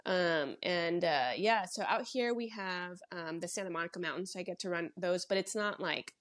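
A young adult woman from Los Angeles, a podcast guest telling running stories in casual conversation, bubbly and animated with frequent laughter. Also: fairly low pitch, moderate pace.

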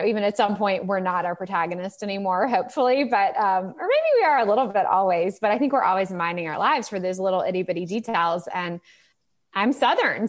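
Chatty, animated Southern woman novelist. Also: mid-range voice. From American South. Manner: animated storytelling, chatty, many "like"s. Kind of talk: casual conversation about writing.

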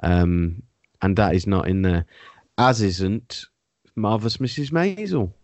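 A man hosting a casual podcast, with a lowish voice and dry, close sound. He trades wry, sweary banter and runs the show. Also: animated, unhurried, a little mellow, no room sound. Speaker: podcast host. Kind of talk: casual chat.

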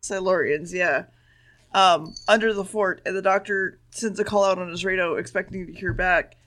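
A woman's voice: fairly low pitch, steady tone, moderate pace, a bit bright. A woman co-hosting a podcast, casually recapping a show with blunt, sarcastic asides. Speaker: podcast co-host.

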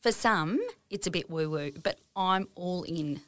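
A woman's voice: lowish voice, measured pace, fairly bright tone, dry recording. A woman co-hosting a podcast, enthusiastic and playful. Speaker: podcast co-host. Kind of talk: casual chat.

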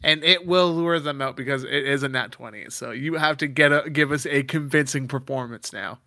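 A man running a tabletop game in a bright, forceful voice, lively and quick to laugh. He is close to the mic in a dry space. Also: medium pitch, dry recording. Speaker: dungeon master.

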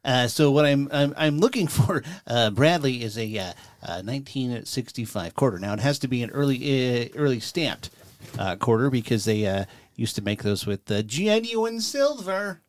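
A man putting on a nerdy voice as a fussy coin collector, halting with lots of uh's. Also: mid-range voice, lively intonation, no room sound, studio quality, natural voice. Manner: halting, stammering with many uh's.

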